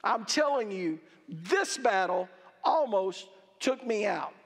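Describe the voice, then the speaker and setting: A man preaching a sermon, emphatic, with halting restarts and drawn-out stresses on key words. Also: high-pitched, expressive, gravelly. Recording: reverberant hall.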